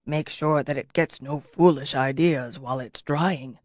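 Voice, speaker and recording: A woman voicing a gentle older male master potter who speaks slowly and kindly. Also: very deep voice, no room sound, studio quality, voice pushed down. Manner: slow, kindly, soft-spoken.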